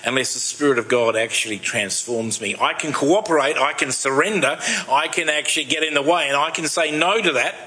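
A man in his sixties delivers a sermon, sharing personal stories in a chatty, self-deprecating manner and turning soft and slow in his reflective moments. His voice sits on the high side, and the recording is rough.

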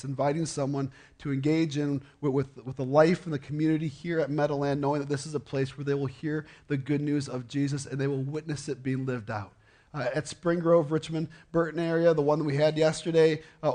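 A middle-aged man preaches to his congregation in a loose, conversational way. His voice sits a little high for a man, and he keeps asking the listeners questions and stumbling into repeated words. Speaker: pastor. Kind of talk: sermon.

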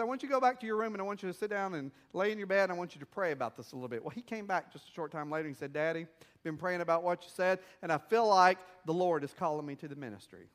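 A man preaching a sermon as a missionary pastor, telling stories and asking the congregation questions in a conversational way. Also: sits high. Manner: conversational storytelling with rhetorical questions.

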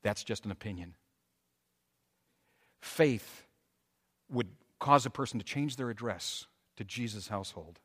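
A man preaching a sermon in an animated way, with frequent restarts and loud, dramatic scripture readings. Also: on the low side, measured pace, pauses often, slightly rough. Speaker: pastor. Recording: long hall reverb.

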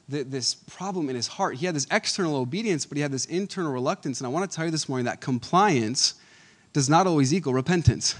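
A male pastor delivering a casual, storytelling sermon in a somewhat high voice. He moves between punchy, raised points and soft, confiding asides, often breaking into a chuckle. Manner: animated, chuckles often, varies between loud emphasis and quiet asides. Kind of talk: conversational Sunday sermon.

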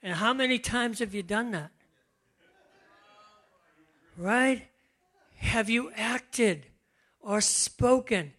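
An older man preaching a conversational sermon, relaxed and chatty, often laughing and slowing to stress key words. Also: very high voice. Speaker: pastor.

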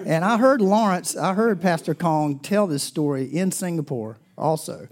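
A man's voice: a little high, moderate pace. A middle-aged man preaching a sermon, telling stories in a loose, conversational way. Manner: storytelling, conversational and animated. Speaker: pastor.

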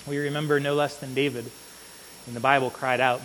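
A man preaching a sermon in an earnest manner, often checking in with the congregation with a quick "right?". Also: medium pitch, level tone, a bit bright. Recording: long reverb with faint hiss.

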